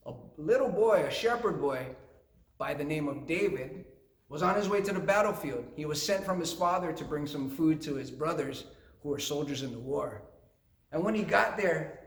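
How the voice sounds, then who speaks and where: A youth minister retells a Bible story with playful jokes and asides. His voice sits somewhat high, and the room around him is noticeably echoey.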